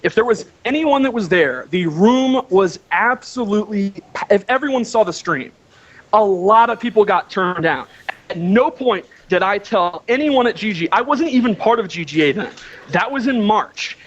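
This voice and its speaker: Man, high voice, defensive, insistent, muffled call audio. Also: lively intonation, moderate pace. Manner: defensive, insistent, keeps asking to be heard. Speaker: guest defending himself. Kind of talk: heated online call argument.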